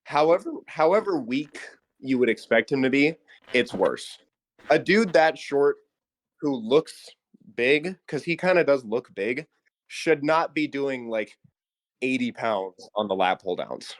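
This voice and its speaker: A young man on a podcast, telling a story in a casual, animated way with lots of "like" fillers and laughs. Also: mid-range voice, measured pace, no room sound. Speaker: podcast co-host.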